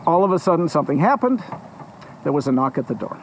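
A man's voice: on the high side, big pitch swings, fast, slight background noise, low-quality recording. A man telling a folk tale at a storytelling festival, playful, with chatty asides to the audience.

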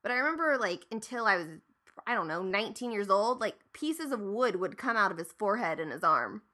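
A woman's voice: mid-range voice, lively intonation, fairly quick, sharp tone. A woman in her thirties from Ohio, telling a family story in casual chat, acting out quoted lines and swearing freely.

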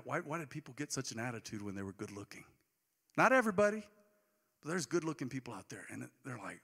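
A man's voice: mid-range voice, sharp tone, big-room sound. A man in his forties preaching a sermon as pastor, conversational and joking, with bursts of emphasis. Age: 40s.

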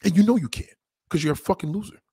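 A man's voice: high voice, fast, warm tone, slightly rough, no echo, clean studio sound. A man hosting a crude, heated commentary rant, talking straight at his viewers. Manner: blunt, crude and heated, addressing viewers directly. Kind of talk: profane relationship rant.

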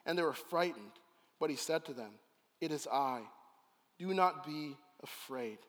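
A man preaching a sermon as pastor, telling a scene with lively storytelling and acting it out. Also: fairly high pitch. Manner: animated storyteller, acts out scenes. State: out of breath. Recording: long hall reverb.

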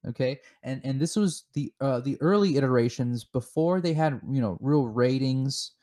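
Deadpan and mock-serious, a man co-hosting a comedy podcast lays out theories while frequently halting and starting over. His voice is mid-range.

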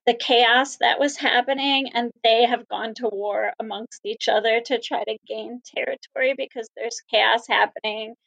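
A woman from the Salvation Army answering interview questions sincerely, with frequent pauses and ums. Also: on the high side, gravelly, a bit bright, dull audio.

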